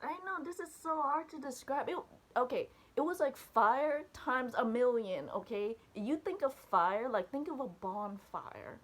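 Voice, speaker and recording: A woman casually recounting a dream to viewers, animated and chatty, with many fillers and restarts. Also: high-pitched, unhurried. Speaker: church video speaker. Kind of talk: casual testimony about a dream.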